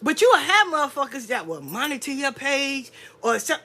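A woman's voice: high voice, sing-song, moderate pace, sharp tone. A woman, hosting a solo podcast and ranting bluntly and profanely, acting out other people's voices. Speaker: podcast host. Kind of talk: casual solo podcast rant.

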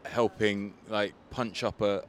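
Man, low register, laid-back guest telling stories outdoors, loose and chatty, faint street noise. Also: slow pace. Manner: relaxed storytelling, frequent "like" fillers. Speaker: guest, comedian and rapper. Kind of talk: casual interview chat.

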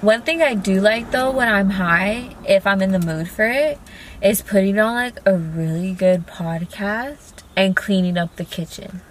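A young woman hosting a podcast, chatting casually and softly in a parked car with a friend. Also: medium pitch, measured pace. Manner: laid-back, soft-spoken, giggly. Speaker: podcast host. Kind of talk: casual chat. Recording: faint background noise in a car.

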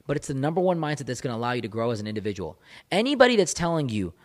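Mid-range in pitch but swinging widely, this man talks at a rapid clip as a breakup coach, speaking into a studio mic. His motivational monologue is forceful, driving points home by repeating phrases.

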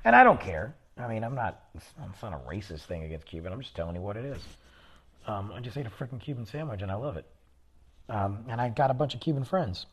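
A man's voice: on the low side, very animated, quick pace, slightly rough. A man hosting a podcast, telling a long personal anecdote in a loose, rambling, casual way with plenty of fillers. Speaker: podcast host. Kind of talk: casual storytelling.

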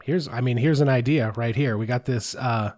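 A man's voice: mid-range voice, moderate pace, darkish tone. A man hosting a podcast, reading listener mail in casual chat with a dry, wry manner. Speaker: podcast host.

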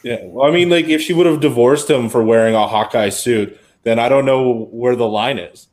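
A man's voice: medium pitch, moderate pace, a little mellow. Rambling man chatting on a podcast. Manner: rambling, heavy use of "like". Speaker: podcast co-host. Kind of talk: casual podcast chat.

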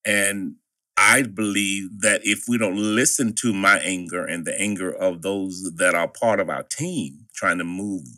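A man's voice: sits low, unhurried, pushed and bright, no echo. A middle-aged man co-hosting a podcast, telling a personal story in an earnest way. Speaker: podcast co-host. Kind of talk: podcast conversation.

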